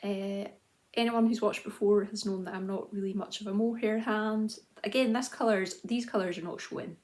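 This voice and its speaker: A woman's voice: medium pitch, steady tone, moderate pace, a little mellow. A woman in her thirties chatting casually to camera as host of a knitting video journal, self-deprecating, with frequent ums and restarts. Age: 30s.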